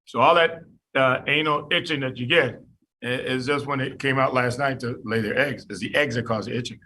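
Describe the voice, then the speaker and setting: A man lecturing a class on medicine, animated and jokey, quizzing students by name. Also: mid-range voice, a little fast, slight background noise. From United States.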